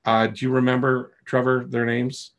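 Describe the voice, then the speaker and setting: A man coaches a live online teaching session via a video call microphone, in a mid-range voice that is completely flat and moderately paced. He explains patiently and regularly checks in with the people listening.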